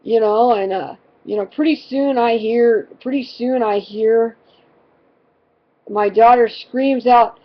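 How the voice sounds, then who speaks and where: A woman's voice: a little high, takes it slowly, muffled recording. A woman, a mother, rambling through a funny family story with constant fillers, dramatic and exasperated. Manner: rambling, fills with constant "you know". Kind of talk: casual personal storytelling.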